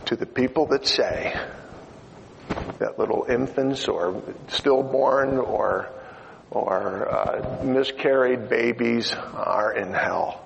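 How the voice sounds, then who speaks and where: An older male pastor with a medium-pitched voice and vocal fry preaches a sermon, telling an emotional story and turning to pose questions to his listeners. The lo-fi recording was made in a reverberant hall with faint noise.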